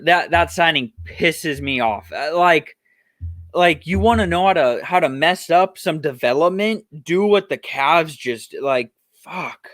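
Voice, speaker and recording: A young man hosts his own sports podcast, going on an exasperated, profane rant before he works through the news. His voice sits a little high. He is recorded close on a dry mic. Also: lively intonation, measured pace, a bit bright, no room sound. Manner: heated, profane, exasperated ranting.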